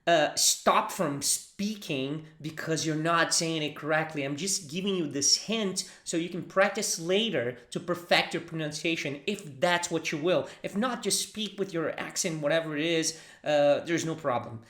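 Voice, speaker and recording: A man's voice: a little high, moderate pace, few pauses, fairly bright tone. A Brazilian man with a Brazilian accent teaches Portuguese phrases in English, patiently drilling them for the listener to repeat. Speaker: language teacher. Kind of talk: language lesson. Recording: roomy echo.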